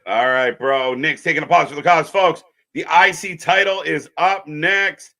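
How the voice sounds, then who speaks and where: A man co-hosting a live wrestling watch-along, animated and swearing, talking to viewers as folks. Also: fairly high pitch, unhurried. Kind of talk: live alternative commentary chat.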